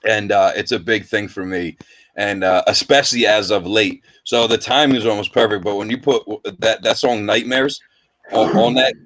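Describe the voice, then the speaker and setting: Laid-back low-voiced podcast host man. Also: steady tone, moderate pace, fairly bright tone, rough recording. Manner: laid-back, earnest, says dude and man. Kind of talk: casual podcast chat.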